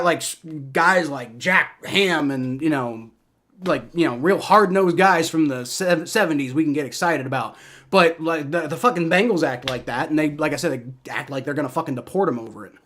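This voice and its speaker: A man's voice: fairly high pitch, a bit bright. Heated young man ranting over a game. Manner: heated, profane, ranting with many restarts. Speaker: live reaction streamer. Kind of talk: live game reaction and play-by-play.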